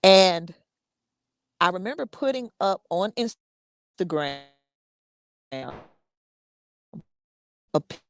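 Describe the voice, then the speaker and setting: A woman hosting a show, sharing a personal story in a casual, halting way with many repeats and laughs. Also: on the low side, lively intonation, clear, resonant tone, no echo. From United States. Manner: conversational, repeats words, laughs often. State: emotional, fighting tears. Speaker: podcast host.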